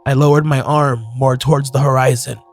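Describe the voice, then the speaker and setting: A man narrating a horror story in a measured, scripted storytelling manner. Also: medium pitch, level tone. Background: faint music.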